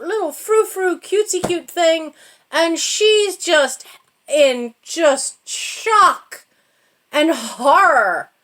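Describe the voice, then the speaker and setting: Middle-aged lady vlogger telling a funny story, slow and chatty, voice going way up and down, laughs at herself. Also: high-pitched. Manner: animated, laughing, self-mocking storyteller. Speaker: channel host. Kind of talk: casual storytelling to camera.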